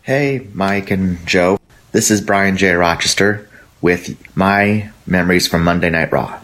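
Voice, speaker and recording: Man, lower voice, fan leaving a rambling recorded message, chuckles as he tells it. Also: unhurried, a bit bright. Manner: rambling storytelling, laughs at his own tale. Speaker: listener sending in a memory.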